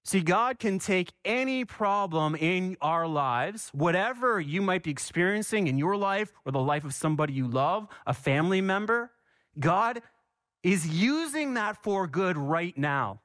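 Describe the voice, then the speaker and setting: Guy preaching a sermon, fairly high voice, keeps repeating lines, asks the crowd stuff. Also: animated, unhurried, a bit bright, dry recording, studio quality. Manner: passionate, repeats for emphasis, asks the congregation questions. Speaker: pastor.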